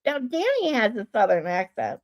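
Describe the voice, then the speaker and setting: Livestream co-host: a woman with a Michigan accent, a fairly high nasal voice, a loose chatty delivery that often restarts. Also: huge pitch swings, moderate pace. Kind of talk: casual chat.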